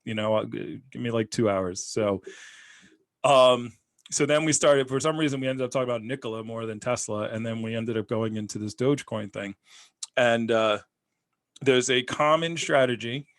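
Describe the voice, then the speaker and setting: A man hosting a podcast, telling stories in a rambling, animated way during casual chat. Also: medium pitch, moderate pace.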